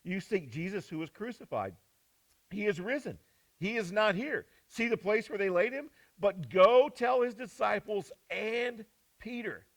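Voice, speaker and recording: A male pastor delivers a storytelling sermon. His voice sits a little high for a man, and he moves from quiet, low lines to loud, lifted ones. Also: animated, unhurried, rough recording. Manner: storytelling, voices quotes with swings from hushed to loud.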